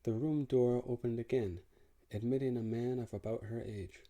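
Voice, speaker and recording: A man narrating an audiobook in the first person, in a measured, wry way. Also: mid-range voice, little pitch movement, warm tone.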